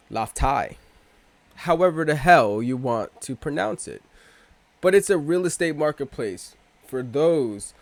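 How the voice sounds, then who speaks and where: A man's voice: on the high side, darkish tone, dry recording. A man hosting a casual crypto video, rambling and swearing, often breaking off mid-thought with slang. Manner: rambling, profane, self-interrupting with slang. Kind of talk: casual rambling vlog talk.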